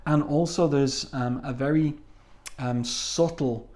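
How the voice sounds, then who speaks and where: A man giving a casual spoken review of a comic book, taking his time and filling pauses with ums and uhs. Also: a little high, fairly even intonation, a little mellow. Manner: unhurried, frequent ums and uhs, reads comic dialogue aloud.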